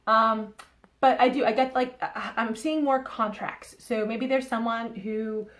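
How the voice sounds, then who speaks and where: A woman's voice: a little high, steady tone, unhurried, a bit bright. A woman with a Boston accent giving a chatty, rambling tarot reading to camera, often checking in with "okay?". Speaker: tarot reader.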